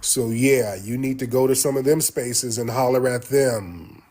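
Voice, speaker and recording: A man's voice: medium pitch, measured pace, warm tone. A man talking on a livestream clip, blunt and dismissive, repeating himself as he answers. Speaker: livestream host. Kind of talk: livestream commentary.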